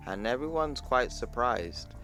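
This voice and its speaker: A man's voice: mid-range voice, expressive, unhurried, pushed and bright. A man casually retelling a comic book storyline for his viewers and calling them "people", with faint music underneath. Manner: chatty, addresses viewers as "people", retells dialogue plainly. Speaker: comic book explainer channel host. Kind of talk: casual comic recap narration.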